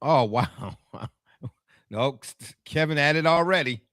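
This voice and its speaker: A man hosting a casual sports talk show, animated and teasing, laughing often. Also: on the high side, takes it slowly, no echo, studio quality.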